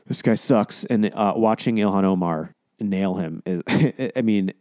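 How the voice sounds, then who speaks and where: A man's voice: on the low side, a little slow, warm tone, dry recording, clean studio sound. A man giving casual reaction commentary, sarcastic and profane, mocking what he plays.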